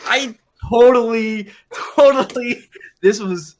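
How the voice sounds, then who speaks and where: A man's voice: extremely high pitch, takes it slowly, pitched above the performer's own voice. A man voicing the ghost of a dead king in a tabletop game, who talks like a swearing, laid-back buddy. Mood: reassuring. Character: ghost of a dead male king, casual and crude. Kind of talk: tabletop role-play character voice.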